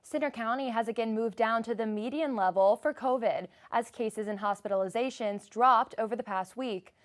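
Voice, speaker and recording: A young woman reading the news as anchor in a crisp, even way. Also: a little high, normal speed. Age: young adult.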